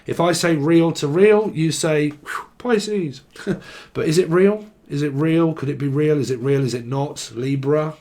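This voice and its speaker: A man at an ordinary pitch talks through a tarot reading in a loose, rambling way. He jumps into short acted-out voices and drops curse words without a second thought. The whole thing sounds offhand and playful, not scripted. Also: a little slow, a little mellow. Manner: rambling and playful, acts out quoted voices, swears freely. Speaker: tarot reader.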